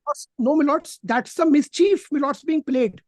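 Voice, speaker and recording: A woman with an Indian English accent arguing as an advocate in court, deferential and halting, repeating "my lords" again and again. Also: sits high, lively intonation, a little mellow, dry recording. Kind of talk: courtroom argument. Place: courtroom, on a video hearing feed.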